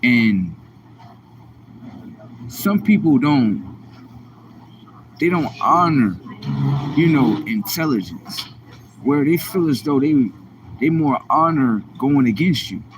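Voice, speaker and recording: Hosting a live stream, this man rambles in repetitive, animated self-talk peppered with casual slang. His mid-range voice moves slowly with long pauses, over a noisy background.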